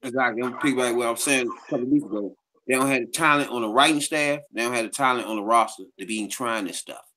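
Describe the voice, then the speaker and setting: A man's voice: mid-range voice, fast, pushed and bright, a little hiss or hum. A man co-hosting a podcast in a casual chat, talking in a loose, slangy way with lots of repeated filler phrases. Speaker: podcast co-host.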